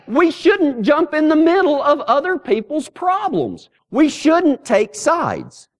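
Speaking slowly in a very high-pitched voice, this middle-aged pastor preaches a sermon built on folksy, funny stories. His storytelling is lively and animated throughout.

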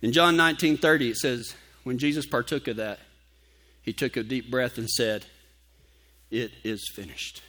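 A man preaching a sermon, telling a folksy personal story and dropping to a hushed tone for scripture. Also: mid-range voice, moderate pace. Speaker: pastor.

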